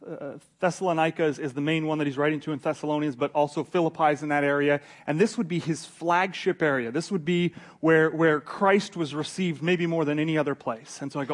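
Animated man preaching a sermon. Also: on the high side, fairly quick, few pauses. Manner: animated storytelling, casual and conversational. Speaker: pastor.

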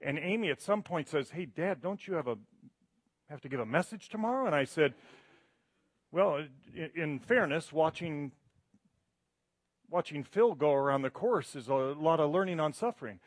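A man's voice: on the high side, expressive, normal speed, long pauses, no room sound. Middle-aged man preaching in conversational tones. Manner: conversational, self-deprecating, rising to emphatic passages. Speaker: guest preacher. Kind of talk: sermon. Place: church sanctuary.

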